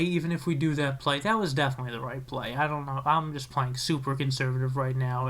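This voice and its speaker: Narrating his own card game match in a casual way, this young man sounds a little high. He's excitable, hard on himself, and keeps restarting.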